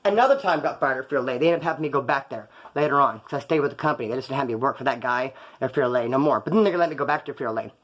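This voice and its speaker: A man's voice: medium pitch, very fast, hardly any pauses, a bit bright. A man telling wild stories from his past in a casual, slangy, profane way, acting out the voices of the people he quotes. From California. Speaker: storyteller recounting his past.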